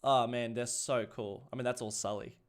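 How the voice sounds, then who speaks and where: A man's voice: mid-range voice, steady tone, moderate pace. An Australian man chatting casually while streaming a city-building game, laughing often and restarting his sentences. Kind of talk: casual livestream chat.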